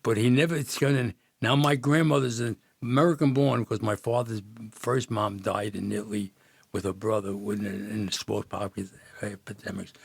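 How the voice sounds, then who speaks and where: A man's voice: on the low side, steady tone, moderate pace, creaky, breathy edge, no room sound. An older man from Jersey City, a podcast guest, telling rambling old neighborhood stories with many restarts and laughs. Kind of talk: storytelling in casual chat.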